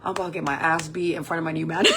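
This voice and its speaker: A deep, gravelly voice comes through heavy background noise, belonging to a makeup vlogger in her forties. While doing her makeup, she tells a personal story, swearing freely and animatedly acting out what people said.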